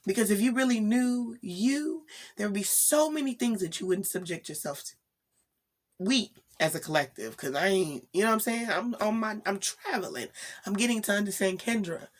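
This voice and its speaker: A woman's voice: medium pitch, normal speed. A young woman vlogging casually late at night, tired and rambling, laughing often and asking "you know what I'm saying?". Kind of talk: casual spiritual vlog.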